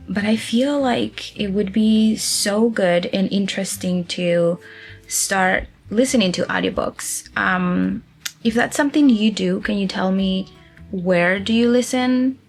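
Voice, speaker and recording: A woman's voice: medium pitch, gravelly. A woman from Spain with a Spanish accent, chatting casually as a crochet vlogger and thinking aloud as she works. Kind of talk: casual chat while crafting.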